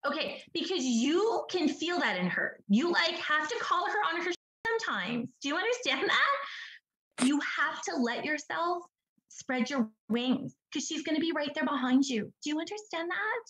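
Over a video call, a woman from British Columbia, Canada, gives a chatty psychic reading, peppered with "like" and "do you understand that?" Her high-pitched, sharp voice swings widely in pitch at a moderate pace, and the sound is roomy and poor in quality.

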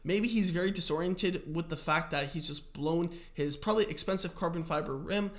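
A man's voice: on the high side, normal speed, a bit bright. A man hosting a cycling channel, giving chatty, amused, explanatory commentary on a video.

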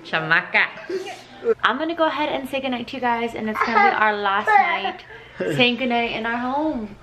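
A woman's voice: fairly high pitch, big pitch swings, moderate pace, loud music behind the voice, poor audio. A young woman vlogging at home at night, chatty and emotional, close to tears, with lots of "like"s. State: teary. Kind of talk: casual nighttime vlog chat. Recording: loud background noise.

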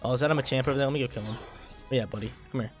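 A man's voice: medium pitch, very fast, soft background music. A man giving live gameplay commentary, hyped and trash-talking, often repeating his phrases.

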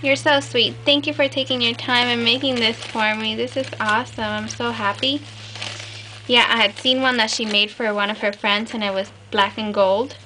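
A woman's voice: a little high, flat delivery, normal speed, pushed and bright. A woman chatting casually to her viewers as she opens a package, gushing and enthusiastic with frequent fillers. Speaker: crafting vlogger. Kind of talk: casual unboxing chat. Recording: clear background noise.

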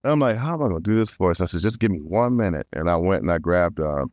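A man guesting on an interview, telling stories in a lively way, often laughing and acting out quotes. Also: sits low, fast, no room sound. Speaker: voice actor guest. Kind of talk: casual interview storytelling.

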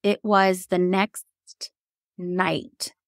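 Woman, 30s, podcast guest. Animated storyteller who jumps up in pitch for quoted lines, dry close mic. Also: extremely slow, gravelly, no room sound. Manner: animated, laughs often, acts out quotes in a higher voice. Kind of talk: casual storytelling.

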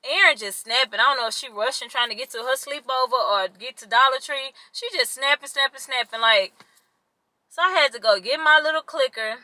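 Young woman vlogging, kinda high bright voice, talks to y'all and vents. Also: fairly quick, no room sound, low-quality recording. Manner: chatty, complaining, addresses viewers as y'all. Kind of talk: casual vlog chat to camera.

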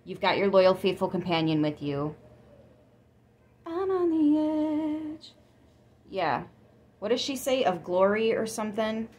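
A woman giving a casual tarot reading, chatty and excitable, with frequent gasps and laughs. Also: fairly low pitch, moderate pace. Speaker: tarot reader.

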